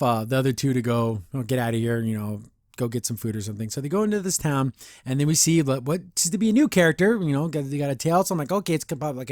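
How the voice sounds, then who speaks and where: This podcast host has a slightly high voice, recorded at studio quality with no echo. His cartoon episode review is casual and rambling, and he frequently laughs and acts out what the characters say.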